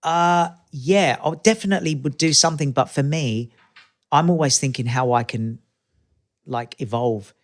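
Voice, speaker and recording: Animated Australian man in his fifties. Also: on the high side, moderate pace. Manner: animated, acts out quoted voices in anecdotes. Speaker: guest. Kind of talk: casual interview chat.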